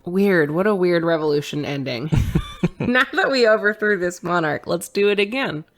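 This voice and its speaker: A young woman co-hosting a podcast, laughing often and reacting with quick questions and jokes. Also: lowish voice, expressive, fairly bright tone. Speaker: podcast co-host. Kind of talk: casual chat.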